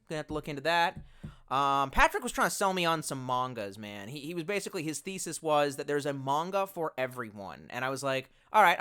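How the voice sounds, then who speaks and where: Guy rambling on his stream, swears constantly, sharp bright voice. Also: a little high. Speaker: live streamer reading chat. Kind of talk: casual live stream chat.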